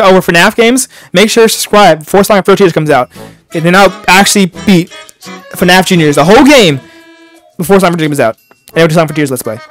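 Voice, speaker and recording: A young man doing horror game commentary in a high voice. He is excitable and jumpy, breaking into panicked yelling as the game chases him. Faint game music plays behind him. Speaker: gaming YouTuber.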